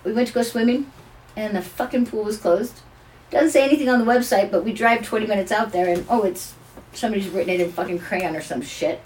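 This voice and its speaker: A woman's voice: medium pitch, quick pace, a little hiss or hum. An older woman, a grandmother, telling a family story in casual chat and acting out the voices. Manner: animated, acts out voices in her stories.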